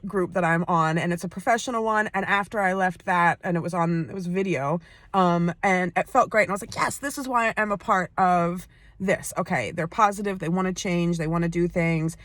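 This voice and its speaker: A woman's voice: lowish voice, no echo. An American woman talking candidly and at length in a personal vlog, recorded inside a parked car. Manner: chatty, rambling, candid. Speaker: vlogger.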